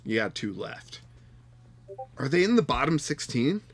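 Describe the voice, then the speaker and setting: Male card game streamer, unhurried delivery, mid-pitched, mock outrage between quiet muttering, light music behind. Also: sing-song, husky. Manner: exasperated, talks to his opponent, swings from loud outbursts to muttered counting. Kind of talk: live gameplay commentary.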